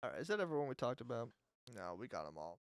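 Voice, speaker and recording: Animated chatty male podcast host. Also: medium pitch, racing, vocal fry, no room sound. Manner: chatty, laughs often, filler-heavy. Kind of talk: casual fan podcast chat.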